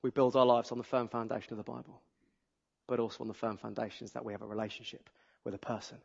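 A man preaching a sermon, exuberant and animated, telling humorous stories to a church audience. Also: medium pitch, fast talker, vocal fry, husky. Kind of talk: sermon with storytelling. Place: church auditorium. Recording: dull audio with long hall reverb.

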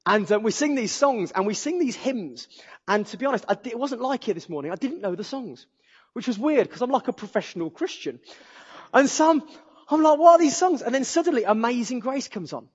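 A man preaching a sermon, exuberant and animated, telling humorous stories to a church audience. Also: extremely high pitch, brisk, slightly rough. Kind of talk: sermon with storytelling. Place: church auditorium. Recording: dull audio with long hall reverb.

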